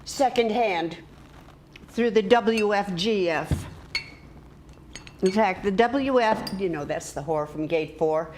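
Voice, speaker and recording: An older woman as a dry, sarcastic friend, drawling slow delivery, faint room noise behind. Her teasing lands flat and knowing. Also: medium pitch, close to an everyday voice.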